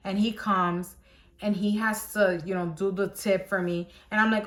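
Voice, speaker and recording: A woman's voice: medium pitch, normal speed, fairly bright tone. Chatty young woman telling a story. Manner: chatty retelling that acts out quoted dialogue; exasperated, with frequent "like" fillers. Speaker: vlogger. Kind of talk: casual story time.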